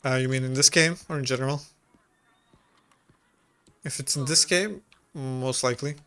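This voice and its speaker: A man's voice: mid-range voice, moderate pace, a bit bright. Laid-back male streamer. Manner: laid-back, hesitant, reads chat aloud. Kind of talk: casual gaming stream chat.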